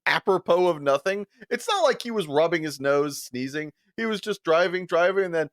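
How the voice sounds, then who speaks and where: Animated laughing male podcast host. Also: normal speed, few pauses, no echo, clean studio sound. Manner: animated, laughs often, acts out quotes in higher voice. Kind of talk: casual storytelling chat.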